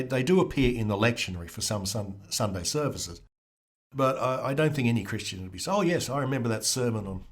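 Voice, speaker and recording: A man, a podcast guest, explaining things in a casual conversational way, wry and lightly humorous, with occasional restarts. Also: mid-range voice.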